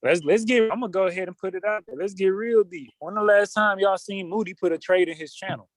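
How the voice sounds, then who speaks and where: Slangy trading host with a higher voice. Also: male voice, fast talker, dry recording. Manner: loose, slangy, hyping up results. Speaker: trading group leader. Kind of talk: casual livestream talk.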